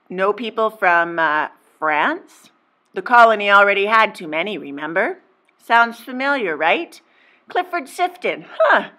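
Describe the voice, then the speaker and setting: A woman teacher narrates a history lesson aimed at children, playful and teasing, dropping exaggerated asides to her students. Her pitch sits at an ordinary middle height but swings widely and expressively from line to line. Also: sharp tone.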